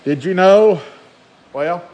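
A man preaching a sermon, moving between quiet conversational asides and drawn-out shouted climaxes. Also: high-pitched, highs cut off. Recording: echoey room with faint crowd and noise.

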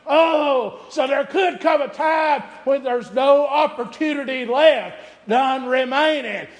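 A man preaching a sermon in a church, shouting in a chanting preaching cadence. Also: very high voice, takes it slowly. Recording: echoey church room.

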